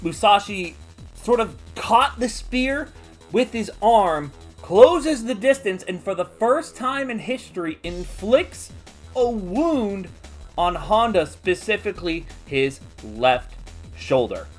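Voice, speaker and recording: A chatty man hosts a casual manga recap, animated and quick with laughing asides. His voice is a bit higher than usual for a man, and faint music plays underneath. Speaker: host.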